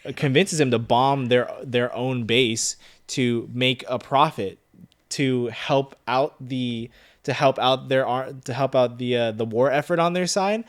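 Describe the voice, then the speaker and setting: A man's voice: mid-range voice, unhurried. A man co-hosting a film review podcast who explains things in a casual, hesitant way full of fillers. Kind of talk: casual chat.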